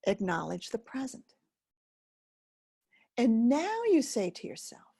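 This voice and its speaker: A woman teaching an emotional healing method, speaking gently with long pauses. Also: on the high side, wildly swooping pitch, vocal fry, breathy edge. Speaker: focusing teacher. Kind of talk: guided self-help teaching.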